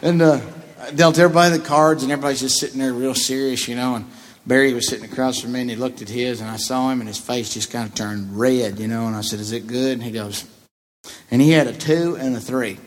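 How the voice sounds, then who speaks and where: A man who is a comedian guest, telling a long anecdote in a profane, laughing, animated way. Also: mid-range voice, fast. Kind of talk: storytelling anecdote.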